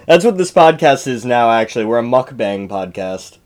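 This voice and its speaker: A man's voice: medium pitch, animated, moderate pace. A young man hosting a podcast, joking sarcastically and swearing freely in casual banter. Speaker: podcast host.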